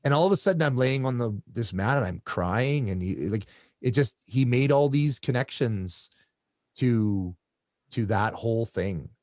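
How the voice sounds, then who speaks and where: A man's voice: medium pitch, lively intonation, moderate pace, a little mellow, dry recording, studio quality. A man from Canada, a coach, telling his story as an interview guest in a rambling way with many restarts.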